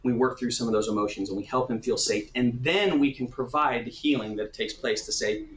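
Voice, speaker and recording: A man's voice: medium pitch, fairly quick, few pauses, fairly bright tone, reverberant, slight background noise, rough recording. A man who works as a therapist, teaching in a casual, conversational way and often checking in with his listeners.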